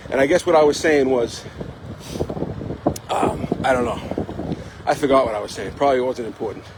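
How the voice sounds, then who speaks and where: A man's voice: mid-range voice, normal speed. Rambling man vlogging from his bike. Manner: rambling, chatty, fills with "you know". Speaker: vlog host. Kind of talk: live-streamed casual chat while biking. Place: outdoors on a bike path in wind. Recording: heavy wind noise on the mic. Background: wind.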